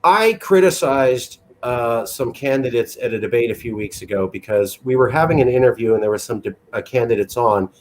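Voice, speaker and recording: A man's voice: mid-range voice, a little fast, few pauses, darkish tone. A man hosting an interview, chatting casually, joking, and giving his opinions. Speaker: interview host.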